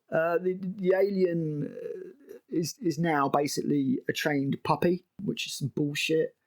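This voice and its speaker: A man's voice: fairly high pitch, fairly even intonation, a little slow. A man recapping a TV episode as a review host, exasperated and sarcastic and swearing freely.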